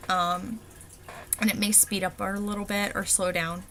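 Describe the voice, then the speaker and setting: A woman dialect coach walking through an accent worksheet, pausing often with ums as she explains the sounds. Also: medium pitch, level tone, a bit bright. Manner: halting, many ums and pauses.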